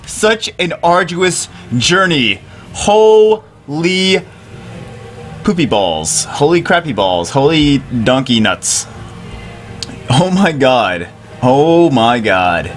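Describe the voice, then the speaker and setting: A man giving excited commentary over a mobile game, giddy, loud and swearing, laughing as he plays. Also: a little high. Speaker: mobile game video creator.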